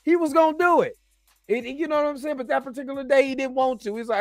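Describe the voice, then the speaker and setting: A man hosting a casual reaction review, animated and joking as he talks straight to his viewers. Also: very high voice, fast talker, dry recording, soft background music. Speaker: host and movie reviewer.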